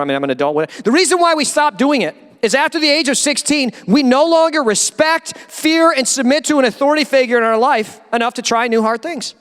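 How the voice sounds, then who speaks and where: A man who is a pastor, preaching a sermon in a church and acting out quoted voices with animated energy. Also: very high-pitched, clear, resonant tone, long reverb tail. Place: church sanctuary.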